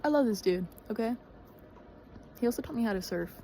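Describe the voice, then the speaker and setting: A woman's voice: fairly high pitch, animated, a little fast, vocal fry, warm tone, a little hiss or hum, rough recording. A young woman telling a story in a chatty, dramatic way, full of fillers. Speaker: vlogger. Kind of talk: casual storytelling.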